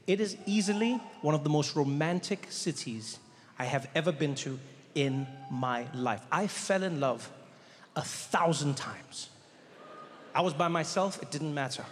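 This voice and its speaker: A man doing stand-up comedy on a theater stage, telling a story with animated delivery and acting out characters. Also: fairly high pitch, a little slow, background noise. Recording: live hall reverb, faint ambience.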